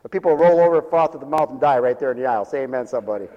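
A man's voice: fairly high pitch, expressive, very fast, few pauses, warm tone, in a large hall, low-quality recording. A man preaching a humorous revival sermon in a church, folksy and joking, calling for amens from the congregation.

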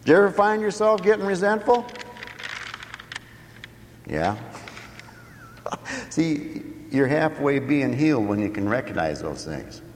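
A man's voice: on the low side, a little hiss or hum. A man preaching a sermon in a folksy, joking manner, often asking the congregation questions. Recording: long hall reverb.

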